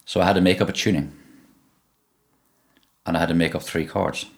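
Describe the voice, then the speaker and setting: A middle-aged man from Donegal talks with a broad local Irish accent and a very deep, low voice. He tells his stories in a relaxed, meandering way, stumbling over and repeating his words as he goes. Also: a little fast, gravelly. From Ireland (Donegal). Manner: relaxed storytelling, frequent repeated words and restarts. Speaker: musician guest. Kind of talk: conversational interview.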